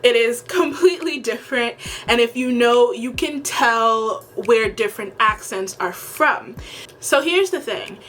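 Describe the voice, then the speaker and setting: Woman from the caribbean, talky and opinionated vlog review, kinda high voice. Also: animated, measured pace, a bit bright. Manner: frank, opinionated and conversational. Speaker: TV review vlogger.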